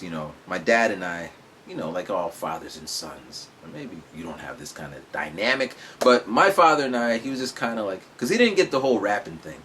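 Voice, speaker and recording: Lively low-voiced man telling his story. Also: slight background noise. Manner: animated, acts out voices of others. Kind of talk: casual storytelling.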